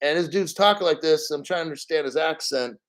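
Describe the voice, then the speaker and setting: A man's voice: a little high, fast, rough recording. A man hosting a casual crypto stream, rambling bluntly and swearing freely. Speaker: crypto show host. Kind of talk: casual live-stream rant.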